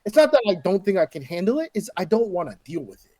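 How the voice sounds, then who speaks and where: A man co-hosting a podcast in casual chat, profane and animated, acting out other people's voices when he tells a story. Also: high voice, fast. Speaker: podcast co-host.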